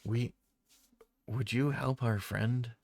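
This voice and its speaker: A man's voice: mid-range voice, steady tone, slow pace, vocal fry, a little mellow, no echo, studio quality, voice pushed up. A man voicing friendly talking trees in a plain, friendly way.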